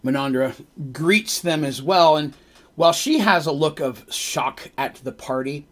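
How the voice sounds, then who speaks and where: Brief: male game master narrating a tabletop session on stream, rambling and casual, a bit breathy. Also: a little high, lively intonation, normal speed, a bit bright. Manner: rambling, with casual asides and self-corrections.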